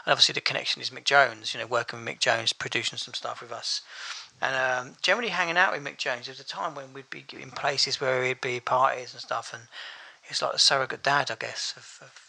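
Musician guest, gravelly, bright tone, relaxed and rambling. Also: male voice, mid-range voice, a little fast. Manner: rambling, laid-back, filler-heavy. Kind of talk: casual interview chat.

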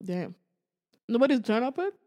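A woman co-hosting a casual podcast chat, throwing in quick questions and teasing reactions. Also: on the high side, big pitch swings, a little mellow. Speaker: podcast co-host.

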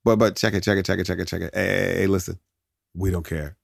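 A man's voice: low voice, steady tone, quick pace, vocal fry, dry recording, studio quality, heavily acted. A man voicing a smug, dismissive male corporate representative with slangy talk. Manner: slangy, brushing off complaints.

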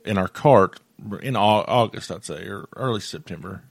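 Deep-voiced man in dry casual chat. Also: moderate pace, creaky, slightly rough, no echo. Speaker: podcast co-host.

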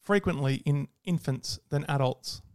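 A teasing male podcast co-host with a slightly high voice. He's recorded dry and close. He quizzes his partner and then explains things in a relaxed way. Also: unhurried, dry recording.

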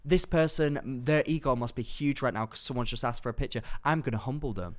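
Smooth-voiced, exasperated young man. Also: medium pitch, fairly quick. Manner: animated, exasperated, swears freely. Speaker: podcast co-host. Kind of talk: casual chat.

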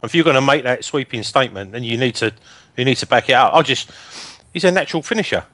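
Brief: male panelist, mid pitch, blunt and insistent, dry close sound. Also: lively intonation, fast, a bit bright, dry recording. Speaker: football podcast panelist. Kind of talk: casual chat.

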